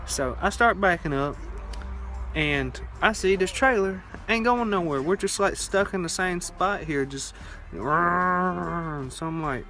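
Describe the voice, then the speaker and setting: A man's voice: a little high, expressive, measured pace, fairly bright tone, soft background music. A young man, telling stories to camera in a rambling, drawling way with many fillers and restarts. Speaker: vlogger. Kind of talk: casual storytelling to camera.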